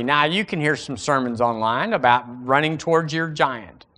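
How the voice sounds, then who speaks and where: A man's voice: mid-range voice, moderate pace, hardly any pauses, a bit bright. A male pastor with a Southern American accent preaching a sermon, reading scripture in a lifted, dramatic voice between folksy, conversational asides. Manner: reads scripture aloud in a lifted, dramatic voice between plain remarks.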